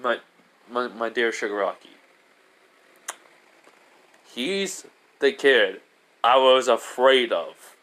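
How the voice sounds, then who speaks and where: A man's voice: mid-range voice, takes it slowly, pauses often, a bit bright. A man voicing an older male villain mastermind who is secretly terrified, speaking emphatically. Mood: warning.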